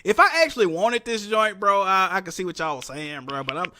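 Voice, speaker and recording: A man's voice: sits high, a little fast, pushed and bright. A young man hosting a casual livestream, reading donations and talking with slang, swearing and laughter. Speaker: livestream host.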